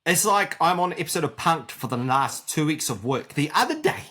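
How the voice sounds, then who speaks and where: Husky, expressive man telling work stories. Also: fairly high pitch, brisk. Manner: storytelling, acts out customer exchanges. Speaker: podcast co-host. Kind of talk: casual chat.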